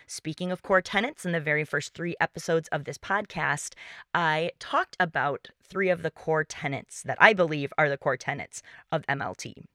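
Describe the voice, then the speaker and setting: Podcast host, woman, lowish bright voice, dry close-mic sound, clear explanatory delivery. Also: normal speed, no echo. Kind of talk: solo podcast talk on music teaching.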